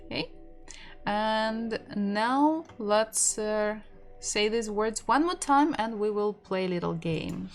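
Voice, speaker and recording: A woman, a native Russian speaker, leads an online language lesson at an unhurried, deliberate pace. Her voice sits in a middle pitch, and she repeats each sound several times with patient care. Soft music plays faintly behind her. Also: animated. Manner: patient, repeats sounds and words slowly for practice; chatty asides with light laughs. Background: faint background music.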